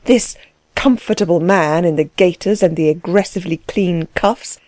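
Woman narrating a novel, warm dark tone. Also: on the low side, moderate pace, no echo. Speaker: audiobook narrator. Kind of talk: scripted narration.

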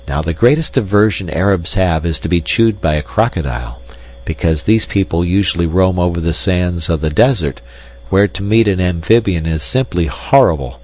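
Deep-voiced man, measured audiobook narrator. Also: a little mellow, rough recording. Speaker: storyteller.

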